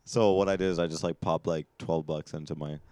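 Very deep-voiced young man, dry sound. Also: fairly even intonation, moderate pace, dark tone, smooth, no room sound. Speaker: co-host. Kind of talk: casual chat.

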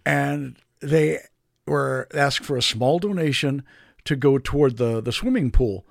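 A man co-hosting a casual podcast, delivering dry deadpan jokes. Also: medium pitch, a little slow, creaky, no room sound. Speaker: podcast co-host. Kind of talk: casual chat.

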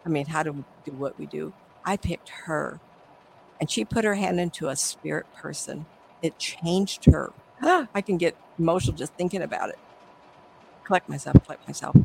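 A woman's voice: low voice, lively intonation, moderate pace, creaky, a little mellow, slight background noise, poor audio. A middle-aged woman, a psychic medium, telling stories animatedly in an interview and acting out the voices. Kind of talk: conversational interview storytelling.

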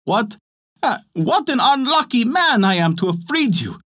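A man voicing a poor, frightened fisherman in a storybook tale, speaking high and pleading. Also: sing-song, a little slow, a bit bright, full character voice.

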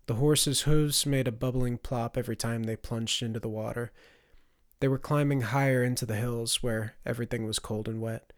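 Man narrating a fantasy audiobook, measured. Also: mid-range voice, fairly even intonation. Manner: measured, dramatic storytelling. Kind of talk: scripted narration.

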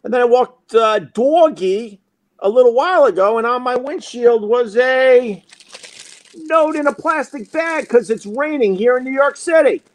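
A middle-aged man hosting a talk show, telling a story in a casual, animated, profane way and acting out other people's lines. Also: extremely high pitch, a little slow.

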